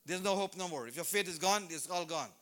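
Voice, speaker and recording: A man preaching a sermon at a church service, telling a story with lively acted-out scenes. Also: high-pitched, fast. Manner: animated storytelling, acts out scenes.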